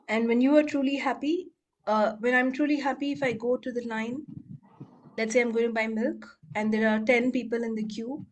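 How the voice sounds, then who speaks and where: A woman coach leading a casual group call, chatting and laughing, and rattling off repeated clearing phrases in a quiet murmur. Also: fairly high pitch. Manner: chatty, laughs often, acts out quoted voices. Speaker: healing coach and facilitator.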